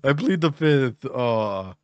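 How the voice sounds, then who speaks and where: A man's voice: medium pitch, very animated, slow pace, muffled recording, a little hiss or hum. A man giving casual reaction commentary as a streamer, emotional, laughing often and swearing.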